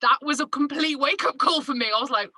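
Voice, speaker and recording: A woman's voice: high-pitched, fast talker, no room sound, rough recording. A woman from England with a Manchester accent, a podcaster and broadcaster chatting as an interview guest and acting out quoted lines as she tells stories. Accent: Northern English, Manchester. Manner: animated storyteller who acts out quotes with laughs. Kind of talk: casual interview chat.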